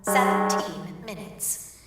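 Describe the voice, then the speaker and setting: A man voicing a creepy female computer announcer in a video game, speaking in slow, flat, formal announcements. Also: high voice. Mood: ominous. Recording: echoey, distant, loud music under it.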